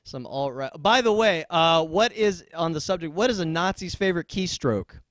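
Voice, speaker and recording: A young man performing a stand-up comedy set, dropping into deadpan asides and bursting into loud yells. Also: a little high, moderate pace, no echo.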